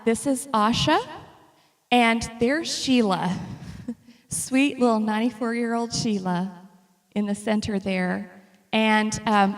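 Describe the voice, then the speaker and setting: A woman's voice: mid-range voice, vocal fry. A woman giving a casual, humorous talk about her travel slides to an audience. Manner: chatty and humorous, lively storytelling. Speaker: speaker presenting travel slides. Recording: long reverb of a hall.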